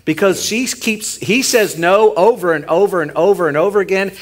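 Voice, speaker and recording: A man, a pastor co-leading a sermon, retelling a Bible story in an animated, joking way. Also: high-pitched, moderate pace. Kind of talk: sermon, co-preaching.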